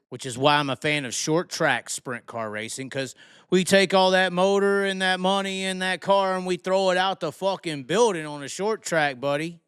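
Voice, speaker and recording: A man with a Southern US accent launches into a heated, profanity-laced rant about racing drivers. His voice sits a touch high and comes across smooth and clean. The sound is dry and close, with no room around it. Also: a bit bright, no room sound. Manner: heated, blunt, heavy swearing. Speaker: racing commentator.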